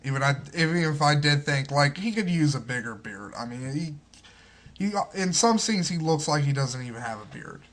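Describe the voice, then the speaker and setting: A man's voice: on the high side, lively intonation, moderate pace, fairly bright tone. A man casually reviewing a movie in a rambling, profane way, full of fillers and restarts.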